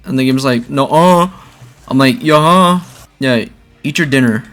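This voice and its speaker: A young man casually talking through a zombie game he is playing, rambling between bursts of excitement. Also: medium pitch, normal speed. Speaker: gaming video creator. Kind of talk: casual gameplay commentary.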